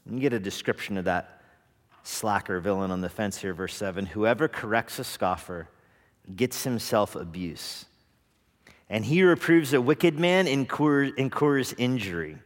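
A man preaching a sermon at an evening worship service, lively, acting out the voices of hesitant and scoffing people. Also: on the low side, unhurried. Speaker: pastor. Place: church sanctuary. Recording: long reverb of a church hall.

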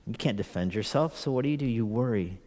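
Male pastor, conversational sermon, mid-pitched, repeats lines for emphasis, echoing hall sound. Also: expressive, fast talker, dark tone. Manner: earnest, asks the congregation many rhetorical questions; repeats phrases for emphasis, chuckles now and then. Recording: long hall reverb in a church.

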